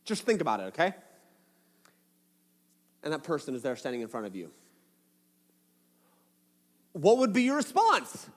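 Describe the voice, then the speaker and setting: A man's voice: a little high, wildly swooping pitch, normal speed, long pauses. A man preaching a sermon as a pastor, casual and playful, acting out little asides as he tells the story. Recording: long hall reverb.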